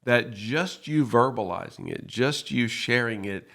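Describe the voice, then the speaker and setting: A man's voice: mid-range voice, expressive, a little slow, creaky, a bit bright. A man co-hosting a podcast, explaining earnestly in a casual talk and acting out little dialogues in quoted voices. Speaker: podcast co-host.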